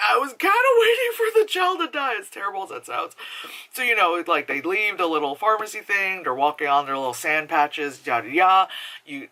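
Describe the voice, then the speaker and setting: A young woman casually reviewing a film, rambling and swearing freely with lots of filler words, often laughing as she retells scenes. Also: medium pitch. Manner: laughs while talking, animated retelling. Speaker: movie reviewer.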